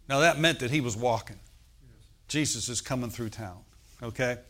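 At a normal speed, a male pastor preaches and invites the congregation to call back. He alternates booming moments with soft, low-voiced asides.

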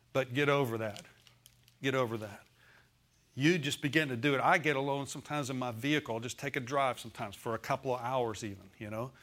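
A man's voice: mid-range voice, fairly bright tone. Man preaching in a folksy, conversational way. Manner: conversational preaching, asks congregation for amens; folksy humor, repeats phrases for emphasis. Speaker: pastor. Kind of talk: sermon.

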